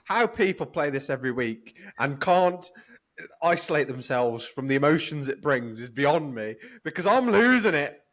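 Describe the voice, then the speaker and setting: A British man with a mid-pitched voice, co-hosting a casual sports podcast. He jokes and teases his co-host and keeps coming back to his pet phrases. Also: normal speed. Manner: joking, teasing, repeats catchphrases.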